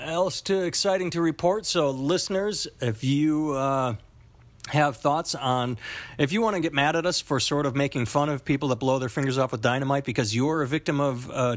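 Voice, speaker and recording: A man's voice: mid-range voice, no echo. A man co-hosting a casual comedy podcast, rambling and swearing as he wraps up the news. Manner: animated, profane, rambling with restarts. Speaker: podcast co-host.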